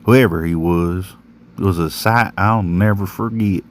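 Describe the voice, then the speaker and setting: Low, slow folksy man narrating. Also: slight background noise. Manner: folksy, rural drawl with slang. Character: plain-spoken rural working man. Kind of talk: first-person horror story narration.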